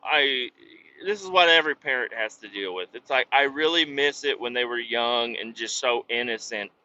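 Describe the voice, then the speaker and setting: A truck driver talks from his cab in a loose, rambling way, cursing freely at his failing engine. His voice is bright and forceful, and the recording sounds dull and lo-fi. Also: mid-range voice, moderate pace. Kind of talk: casual vlog while driving.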